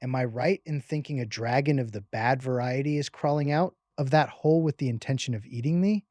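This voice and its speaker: A man reading an audiobook, voicing a calm elderly grandfather who speaks with dry understatement. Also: medium pitch, brisk, no echo, voice pushed up, close to an everyday voice.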